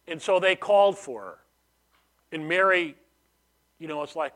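A man delivers a sermon in an easygoing, conversational way, pausing to restart phrases. His voice is slightly higher than most men's. He takes his time with each phrase. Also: animated, a bit bright. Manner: conversational preaching, frequent restarts and "you know". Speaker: pastor.

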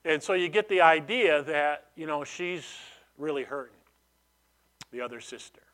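A man's voice: on the high side, animated, normal speed, fairly bright tone. A man preaching a sermon in a conversational way, often restarting phrases and adding "you know" as he explains a passage. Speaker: pastor.

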